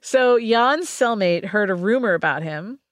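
A woman's voice: mid-range voice, animated, a little slow, no echo, clean studio sound. A woman hosting a podcast, casually telling a true-crime story with jokes, reading quotes and laughing often. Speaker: podcast host.

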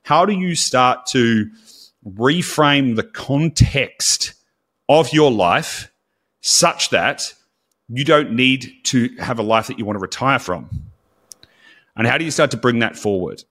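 A man's voice: medium pitch, lively intonation, a little slow, a bit bright. A man co-hosting a podcast in casual chat, candid and blunt, with casual swearing. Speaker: podcast co-host.

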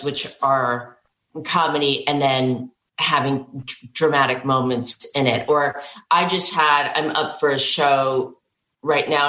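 A bubbly actress talks as a podcast guest, chatty and restarting her sentences often. Her voice sits low for a woman. The remote recording carries a roomy echo. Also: fairly bright tone. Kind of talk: casual interview chat. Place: remote interview over internet.

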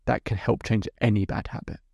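A middle-aged man hosts his podcast, walking through a client session step by step in a storytelling monologue. His voice has a gravelly edge, and he is recorded close and dry, with no room sound. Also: fairly low pitch, fairly even intonation, a little fast, mellow, no echo, muffled recording. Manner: recounts a client session step by step, then explains. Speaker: podcast host and hypnotherapist.

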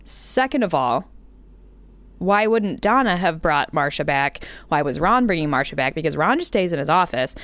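A woman co-hosting a podcast in casual recap chat, playful and teasing, quick to laugh. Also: sits low, sing-song, fairly bright tone, no echo. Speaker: podcast co-host.

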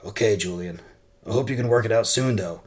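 A blunt, frustrated veteran news editor, voiced by a man in a storybook reading. His voice is low and gets loud when he is exasperated, with a push toward a higher pitch. He talks plainly and without polish. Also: a little fast, natural voice.

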